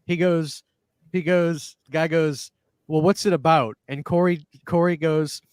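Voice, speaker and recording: A man hosting a podcast chats in a slightly higher voice, telling stories with lots of laughter and restarts. The sound is dry and close, with no room around him. He builds each anecdote with growing excitement. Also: a little slow, smooth, no echo. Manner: animated storyteller, laughs a lot, repeats words. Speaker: podcast host. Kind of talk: casual chat. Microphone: studio microphone.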